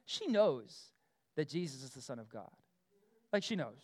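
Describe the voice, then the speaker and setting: A middle-aged man preaching a casual, animated sermon, full of asides, fillers and quick questions to the room. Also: a little high. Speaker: pastor.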